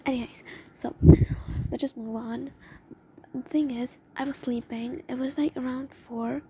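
A woman's voice: sits high, fairly even intonation, unhurried, warm tone, slight background noise. A young woman telling a rambling, emotional story in a confessional vlog, often dropping into a whisper. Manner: rambling, emotional, lots of "oh my God". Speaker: vlogger.

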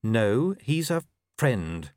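A man's voice: mid-range voice, very animated, drawn-out words, a little mellow, no room sound. A man voicing a blunt young woman werewolf with a curt, sarcastic way of speaking. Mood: dry.

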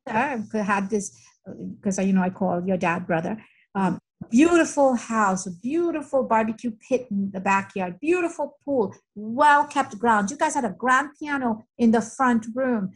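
A woman's voice: on the high side, animated, normal speed, low-quality recording. A middle-aged woman, a family friend, talking emphatically in casual conversation and repeating her points for weight.

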